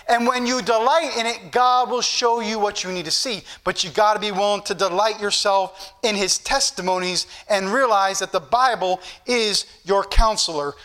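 Male preacher, high bright voice, earnest teaching, slows down for scripture. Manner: slows down and rises in pitch when reading scripture aloud; earnest, repetitive teaching delivery. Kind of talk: sermon.

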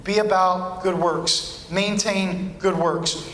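Brief: male pastor, very high and bright voice, emphatic repeating preacher cadence, echoey church sound. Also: steady tone, slow pace, few pauses, a little hiss or hum. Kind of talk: sermon.

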